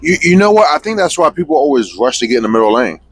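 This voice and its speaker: A young man co-hosting a trucking podcast, telling road stories loudly, laughing often and swearing a lot. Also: fairly high pitch, very animated, fast talker, breathy edge, no room sound, poor audio. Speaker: podcast co-host, truck driver. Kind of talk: casual chat.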